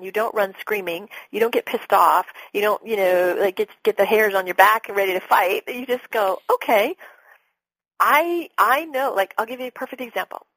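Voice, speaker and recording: A middle-aged woman speaks as a business coach on an interview show, her voice a little husky. She talks with animation and slips into little acted-out exchanges with clients. The sound is dry and close, with no room around it. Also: medium pitch, no echo, poor audio. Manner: animated, acts out sales calls with clients. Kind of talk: podcast interview talk.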